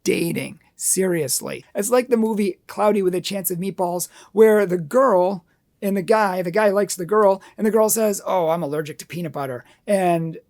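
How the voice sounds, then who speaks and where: Earnest gravelly-voiced man teaching. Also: high-pitched, normal speed, a little mellow. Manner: earnest, acts out dialogue in asides. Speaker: Catholic dating teacher. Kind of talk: teaching talk.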